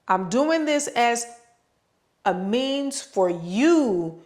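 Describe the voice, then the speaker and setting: A woman's voice: fairly high pitch, lively intonation, extremely slow, a little mellow. A woman with children giving an unscripted motivational talk, speaking straight to the listener, repeating words for stress and drawing out her words. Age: adult with children. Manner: preachy, direct address to listener.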